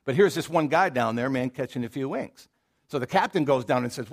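A man's voice: mid-range voice, fairly quick. A male pastor with a Southern American accent, preaching a casual, storytelling sermon full of asides and rhetorical questions. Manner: conversational storytelling, frequent fillers and rhetorical questions.

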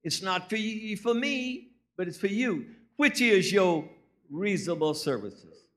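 A man's voice: high voice, lively intonation, measured pace, fairly bright tone. A man, preaching a sermon as a guest preacher, telling folksy stories and rising into emphatic preaching.

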